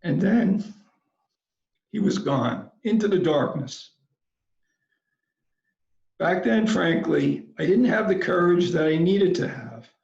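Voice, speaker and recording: Giving a commencement address, a man speaks slowly and unhurriedly in a fairly high voice with a gravelly edge, animated yet a little mellow. His delivery is measured and reflective, captured in a roomy, slightly dull recording.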